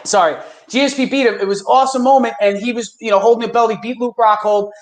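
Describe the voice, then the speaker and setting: A man hosting a casual movie review podcast, excitable and swearing, acting out lines from the films. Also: very high-pitched, quick pace, roomy sound. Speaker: podcast host.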